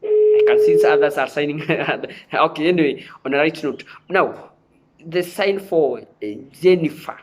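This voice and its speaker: Teaching sign language on television, this Kenyan man speaks a little slowly in a slightly high, very animated voice with a breathy edge. He goes over points repeatedly and often checks whether viewers are keeping up.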